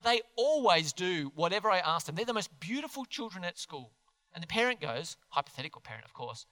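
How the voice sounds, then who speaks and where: Animated, earnest male pastor preaching in a hall. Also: high voice, fairly quick. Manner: animated, earnest, asks the congregation questions. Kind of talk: sermon. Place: church hall. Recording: long hall reverb.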